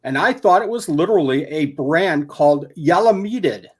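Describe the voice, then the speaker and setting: A man's voice: on the high side, expressive, normal speed, darkish tone, slightly rough. A man chatting casually on a livestream, rambling through his food list and a story with plenty of fillers, filming himself handheld. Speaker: guest isopod keeper. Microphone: handheld camera.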